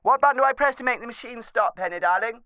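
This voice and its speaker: An actor playing a flustered, fussy retired judge, leaving a rambling phone message full of false starts. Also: male voice, extremely high pitch, quick pace, bright, forceful tone, dry recording. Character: flustered posh retired male judge in his seventies. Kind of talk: comic phone message monologue.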